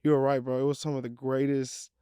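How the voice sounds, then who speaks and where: Mellow man rambling casually. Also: mid-range voice, brisk, clear, resonant tone, no echo, studio quality. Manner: relaxed, heavy use of "like" fillers. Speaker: guest. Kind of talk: casual reminiscing chat.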